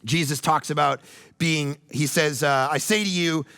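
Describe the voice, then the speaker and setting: Male pastor, conversational sermon, high voice, gravelly edge, lively storytelling. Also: normal speed.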